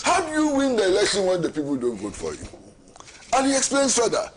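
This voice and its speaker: Ghanaian male talk-show host, middle-aged, high voice, hammers home rhetorical questions. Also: huge pitch swings, brisk, slight background noise. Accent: Ghanaian English. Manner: emphatic, repeats rhetorical questions. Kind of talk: political commentary.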